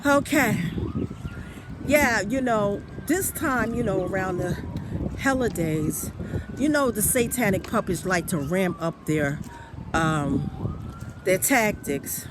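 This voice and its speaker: A woman's voice: medium pitch, slow, long pauses, very noisy. A woman telling a story in a casual, emphatic, rambling monologue. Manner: rambling with many fillers and restarts. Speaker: vlogger.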